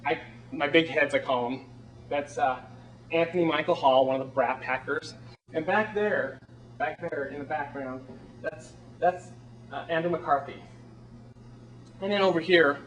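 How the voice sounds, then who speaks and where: A flamboyant small-town theater director, played by a man, gushes and rambles in a somewhat high voice. He sounds a little far from the microphone. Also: close to an everyday voice. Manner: chatty, rambling, gushing. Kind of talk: film monologue performance.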